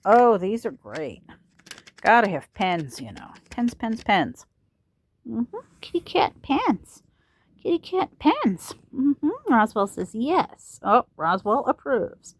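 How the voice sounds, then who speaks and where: Lively, chatty woman. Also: on the high side, slow pace. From Missouri. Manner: chatty, coos at her pets in a lively sing-song. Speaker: vlogger opening fan mail. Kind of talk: casual unboxing chat. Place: home.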